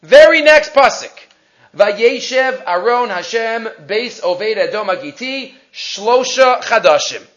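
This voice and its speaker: A man with a fairly high voice leads a lecture on religious texts. He reads each passage, translates it, and asks questions that he then answers. The recording is dull and lo-fi. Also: lively intonation, takes it slowly, fairly bright tone. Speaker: Torah teacher. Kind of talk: text-based lecture.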